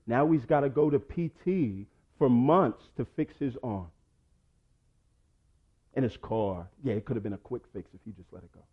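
A pastor preaching a sermon, swinging between loud urging and low quiet asides. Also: male voice, narrow, tinny audio.

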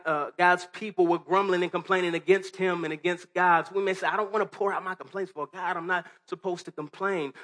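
A man's voice: high-pitched, fairly bright tone. A man preaching a sermon to a congregation, talking earnestly and conversationally with restarts and rhetorical questions. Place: church hall before a congregation.

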